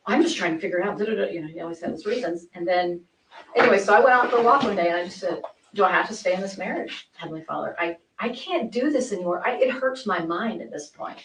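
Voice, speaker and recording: A woman's voice: fairly low pitch, fast. A woman speaking in a recorded interview, rambling and acting out quoted conversations with many restarts. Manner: rambling, acts out quoted dialogue. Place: interview room. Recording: echoey room from far off, faint noise.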